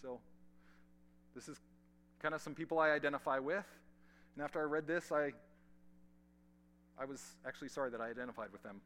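A male pastor preaching a sermon to a large congregation, swinging from loud emphasis to hushed, almost whispered lines, with casual asides to the room. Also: a little high, brisk, long pauses. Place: large church hall.

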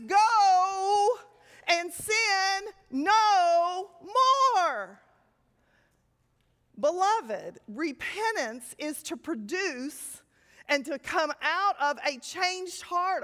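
A woman teaching a Bible sermon, telling stories with lively, sudden loud emphasis. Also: very high-pitched, long reverb tail. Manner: animated storytelling with sudden loud emphatic lines.

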